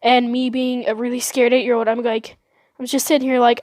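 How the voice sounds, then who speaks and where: A young woman telling a storytime vlog in a giggly, excitable way. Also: fairly high pitch, fairly quick, no room sound. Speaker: vlogger.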